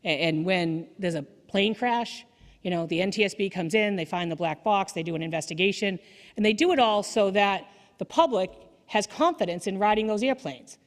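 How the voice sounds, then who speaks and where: A woman lawyer giving a candid, energetic story-driven speech at a dinner event. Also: mid-range voice, moderate pace. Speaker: defense attorney. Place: banquet hall. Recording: echoey hall.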